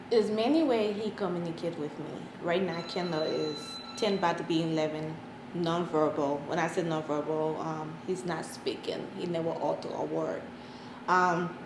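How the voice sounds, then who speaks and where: A woman in her thirties answering interview questions, hesitant, with many pauses and restarts. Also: fairly low pitch. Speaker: interviewee, mother of an autistic son. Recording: echoey room, faint background noise.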